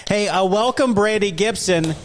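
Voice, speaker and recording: A man co-hosting a podcast in casual chat, playful and quick to laugh, reading out news items. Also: sits high, faint music behind. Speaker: podcast co-host.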